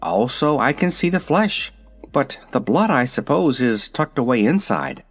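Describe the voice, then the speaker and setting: A man's voice: medium pitch, sing-song, a little slow, breathy edge. A man voicing a proud, naive male wooden sawhorse in a storybook, cheerful and earnest. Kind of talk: storybook character voice.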